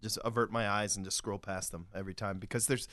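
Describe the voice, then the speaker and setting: A man's voice: lowish voice, fairly even intonation, quick pace, fairly bright tone, no room sound, clean studio sound. A man on a podcast panel, speaking in an earnest, easygoing way. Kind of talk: casual group chat.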